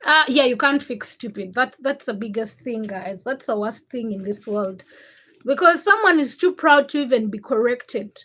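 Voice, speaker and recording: Woman, young adult, high pitch, livestream host, teasing chat banter. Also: expressive, unhurried, fairly bright tone. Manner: teasing and laughing, reads chat names aloud. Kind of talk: casual livestream chat, reading comments.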